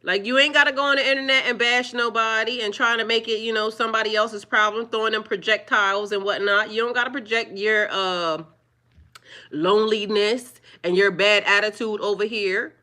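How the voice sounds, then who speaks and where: A woman talking live to her viewers, firmly scolding trolls in a preachy, drawn-out way. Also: mid-range voice, steady tone, bright, forceful tone. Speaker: livestreamer. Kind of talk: live-stream chat with viewers.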